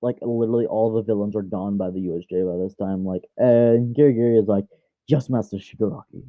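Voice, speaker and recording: A man's voice: on the low side, fairly even intonation, fast talker, dry recording. A man casually retelling a fan story in a rambling way, full of fillers and restarts. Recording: dull lo-fi dry mic.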